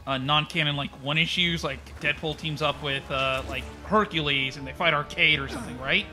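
A man casually chatting while playing a video game, rambling and excitable, swearing now and then. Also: a little high, fairly quick, faint music behind. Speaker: let's play co-host. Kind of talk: casual gaming chat.

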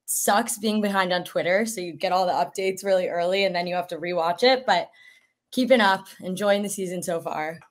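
A woman's voice: on the low side, brisk. A woman guest on a casual podcast, chatty and filler-heavy, laughing easily.

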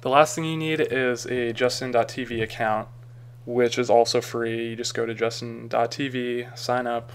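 Man, tutorial narrator; gravelly, smooth tone, loose rambling delivery. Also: medium pitch, level tone, moderate pace, hardly any pauses. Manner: casual, rambling, frequent ums and uhs. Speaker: tutorial maker. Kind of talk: screen-recorded software tutorial.

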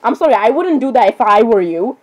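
A woman's voice: on the high side, sing-song, brisk, dull audio. A woman giving casual reaction commentary on videos, giggly and constantly saying sorry.

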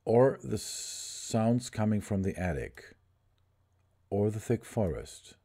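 Low, mellow-voiced man streaming a game. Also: expressive, husky. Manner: reads haltingly, restarts and rereads lines, chats with viewers in between. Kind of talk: live game commentary, reading on-screen text aloud.

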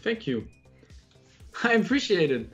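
Lively man on dull voice chat. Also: high-pitched, takes it slowly, breathy edge, soft background music.

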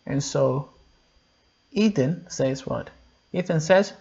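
Man in his 30s doing a slow kids' sermon, lots of "i know, i know", kinda breathy. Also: a little high. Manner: slow, repetitive, animated with call-and-response questions. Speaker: children's pastor. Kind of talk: simple sermon for children. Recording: dull lo-fi sound.

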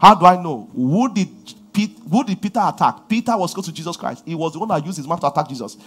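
A Nigerian man preaching a sermon as pastor, swinging from quiet asides to loud outbursts. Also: a little high, lively intonation, fast talker, husky.

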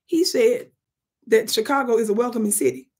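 A woman's voice: on the high side, very animated, normal speed, darkish tone, slightly rough. A middle-aged woman giving emphatic, casual commentary to camera, talking straight to her viewers. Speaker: political commentary vlogger.

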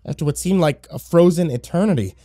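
Male horror narrator, dramatic storytelling, lively pitch, dry close sound. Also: brisk, no room sound, faint music behind. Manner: dramatic storytelling, loud shouts for his own character.

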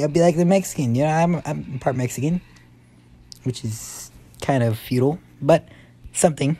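A young man giving excitable let's-play commentary, yelping and muttering to himself as he plays. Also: fairly high pitch, moderate pace. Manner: excitable, yelps and mutters to himself while playing. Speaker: gaming YouTuber.

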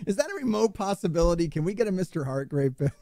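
A man hosting a relaxed interview with a mellow, warm tone. He jokes around and laughs easily. The sound is dry and close. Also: high-pitched, very fast, vocal fry, no echo. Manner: jokey, laughs often. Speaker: host. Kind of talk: casual interview chat.

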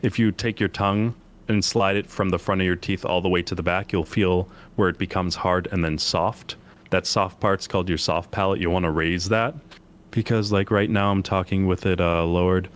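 A man who is a bass singer, explaining singing technique in a relaxed, halting way. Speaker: bass singer and vocal guest.

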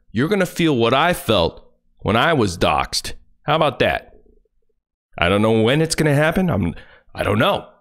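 A man on a livestream in a furious, profane rant, his pitch leaping up and down as he lashes out. He is confrontational and swears constantly, his voice sitting mid-range overall.

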